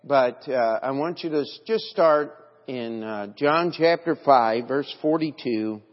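A man's voice: medium pitch, measured pace. A man preaching an evening sermon in an earnest, emphatic way, reading scripture aloud. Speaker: pastor. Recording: dull audio with long church reverb.

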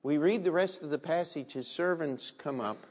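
His voice sits fairly high and a little mellow, moving at an ordinary speed as he preaches. The pastor narrates vividly and asks the congregation rhetorical questions, and the large hall adds a long reverb.

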